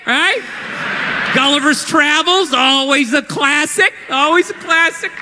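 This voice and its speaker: A man ranting through stand-up comedy in a high, strained voice, swearing freely and breaking into shouts. His voice rings with long reverb through a large theater, over clear room noise from the live crowd. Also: animated, normal speed. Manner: ranting, profane, bursts into shouting.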